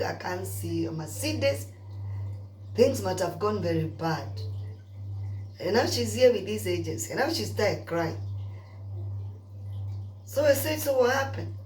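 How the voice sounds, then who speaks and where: Brief: high-pitched woman vlogger, gossipy storyteller, roomy echo. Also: a little hiss or hum. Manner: animated gossipy storytelling with asides to viewers. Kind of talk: chatty storytelling rant.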